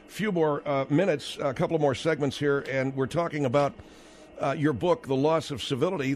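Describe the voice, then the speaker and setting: A man hosting a talk radio show, brisk and conversational as he steers the calls. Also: fairly high pitch.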